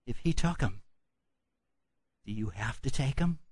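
A man preaching a sermon with emphatic delivery, swinging from loud proclamation down to hushed, almost whispered lines. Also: medium pitch, lively intonation, measured pace, slightly rough, no room sound.

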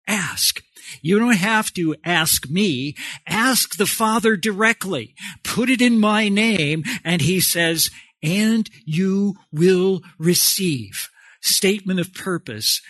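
A male pastor delivers a sermon in a high, bright voice that swings widely in pitch. He speaks slowly and with emphasis, repeating key words and putting questions to his listeners. The recording is dry, with almost no room sound. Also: no echo. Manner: emphatic, repetitive, questions the congregation.

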